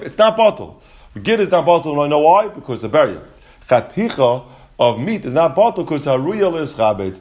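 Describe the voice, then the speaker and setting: Fast-talking man teaching Talmud. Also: a little high, a little mellow. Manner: rapid, explanatory, many restarts and "you know" asides. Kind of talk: casual Talmud class explanation.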